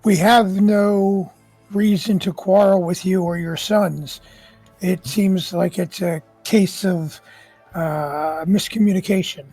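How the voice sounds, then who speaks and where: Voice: medium pitch, fairly even intonation, warm tone, faint music behind. A player in a tabletop game, talking casually. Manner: slow and gravelly.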